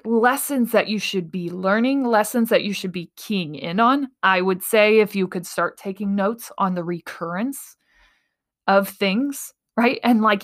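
Woman, 30s, podcast host; earnest, animated solo talk, laughs often, mid-pitched voice.

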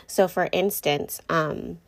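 A woman's voice: fairly low pitch, steady tone, slow pace, gravelly. A young woman, a mom, talking candidly and rambling a little to her viewers, often correcting herself mid-sentence. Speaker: mom vlogger. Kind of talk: casual talk to camera.

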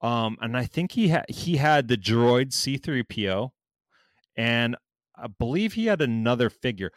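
A man's voice: mid-range voice, moderate pace, no echo, studio quality. A man, telling a story in casual chat, swearing a lot and acting out what people said. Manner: animated storytelling, heavy swearing, acts out quotes.

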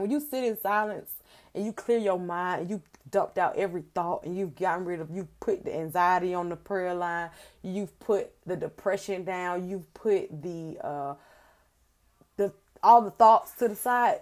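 Earnest woman preaching on a podcast. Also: mid-range voice. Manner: earnest, conversational, quotes her own prayers aloud. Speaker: podcast host. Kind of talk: faith teaching monologue.

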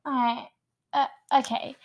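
A woman's voice: high-pitched, flat delivery, a little slow. A woman playing a rambling, silly charity founder in an improvised comedy sketch, dragging out her words.

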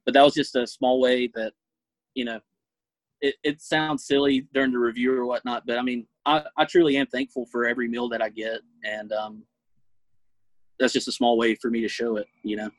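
An earnest young man answers interview questions in a casual, halting way, pausing often with fillers as he thinks. His voice sits at an ordinary pitch for a man. The sound is dry and close, with no room around it. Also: little pitch movement, no echo, poor audio. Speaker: guest, food reviewer.

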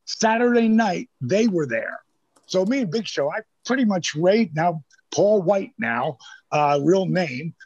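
A man's voice: on the high side, slightly rough, no room sound, muffled recording. An older man telling rambling, profane anecdotes in casual chat, acting out the lines of the people in his stories. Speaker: storyteller guest.

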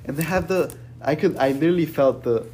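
A young man casually telling a rambling, profane story to friends, peppered with "bro" and "right?"; he says he is a little high. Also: fairly quick, darkish tone, slight background noise.

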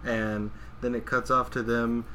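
A man co-hosting a podcast, recapping a manga in casual chat and reading out dialogue in a plain, steady way. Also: mid-range voice, unhurried, a little hiss or hum. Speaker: podcast co-host.

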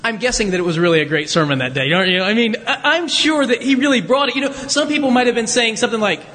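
A man's voice: very high voice, animated, quick pace, few pauses, pushed and bright, big-room sound. A man preaching a chatty, conversational sermon as pastor, with folksy asides to his congregation. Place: church sanctuary.

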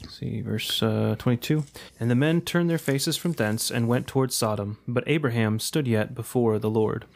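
A man, a preacher, reading archaic scripture aloud in a steady, measured way. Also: mid-range voice.

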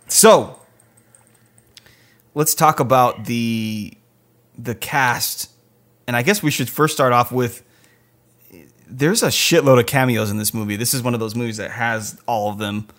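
A man hosting a casual movie podcast, talking in a loose, chatty way and swearing freely. His pitch sits in the middle range for a man, and he steers the talk with questions. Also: unhurried, long pauses, a bit bright. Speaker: podcast host.

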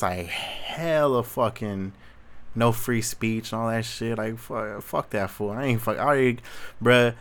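A man's voice: fairly low pitch, a bit bright, clear, resonant tone. A young adult man, hosting a solo Q&A in a rambling, profane, slang-heavy rant. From Southern California. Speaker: solo Q&A host. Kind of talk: casual rant monologue.

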